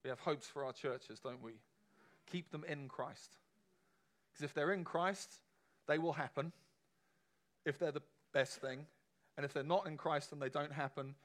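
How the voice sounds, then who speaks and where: A man's voice: on the high side, fairly bright tone. A man preaching a sermon to a congregation in a conversational, emphatic way, often asking the room questions.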